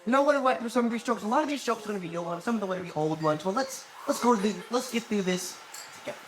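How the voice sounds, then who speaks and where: A man in his twenties performs a live stand-up set, rambling, swearing, and laughing at his own jokes. His high-pitched voice is animated and very fast, captured in a noisy live venue recording.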